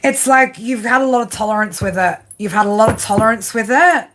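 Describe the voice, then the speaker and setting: A woman's voice: fairly high pitch, fairly quick, background noise. Rambling woman giving a tarot reading. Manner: rambling, lots of fillers and tag questions. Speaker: tarot reader.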